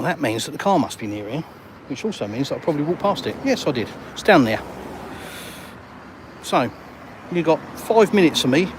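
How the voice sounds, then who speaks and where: A chatty, jokey Englishman walks and talks on a live stream, bantering with his viewers in a slightly raised voice. He holds his phone as he strolls outdoors, and clear street traffic rumbles behind him. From England. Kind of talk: walk-and-talk live stream, reading viewer comments.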